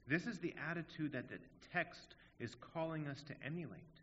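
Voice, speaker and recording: Bright-voiced preacher in an echoing hall. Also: male voice, fairly high pitch, normal speed, hardly any pauses, slight background noise. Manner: earnest, emphatic, rhetorical questions. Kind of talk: sermon. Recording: dull audio in a long-reverb hall.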